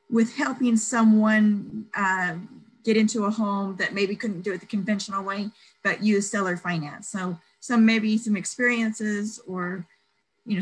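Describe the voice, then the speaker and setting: A woman's voice: mid-range voice, slight background noise, rough recording. A woman, a new real estate agent, politely and hesitantly asking a question in a virtual class. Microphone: video call.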